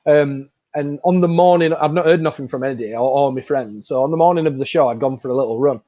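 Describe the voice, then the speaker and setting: A man hosting a podcast, telling stories in an enthusiastic, relaxed chat. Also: mid-range voice, quick pace, no room sound. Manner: chatty storyteller, relaxed and enthusiastic. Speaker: podcast host. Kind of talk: casual chat. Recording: dry, dull lo-fi sound.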